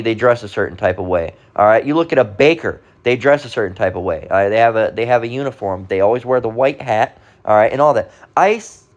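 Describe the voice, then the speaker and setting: A man's voice: medium pitch, dull audio. A man giving impassioned religious commentary as a preacher, rambling and repetitive, swearing freely and groping for words. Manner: rambling, repetitive, profane, restarts and gropes for words. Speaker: street preacher.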